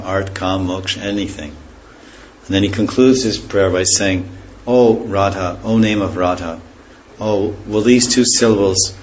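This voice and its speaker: Low-voiced man teaching scripture slowly. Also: slight background noise, rough recording. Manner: unhurried, reflective, softly trailing off at phrase ends; pauses to explain words and terms. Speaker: spiritual teacher. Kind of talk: scripture class.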